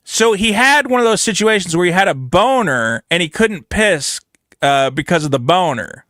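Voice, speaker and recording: A man's voice: high voice, moderate pace, no echo, clean studio sound. A man co-hosting a podcast in casual comedic chat, reading out messages and mocking them in silly put-on voices. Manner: animated, mocking voices when quoting texts. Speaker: podcast co-host.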